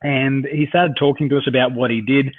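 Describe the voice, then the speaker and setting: In conversational storytelling, an Australian coach and interview guest rambles through anecdotes, restarting often and using many fillers. His mid-range voice stays steady and brisk. The recording is dry and tinny, like a phone call.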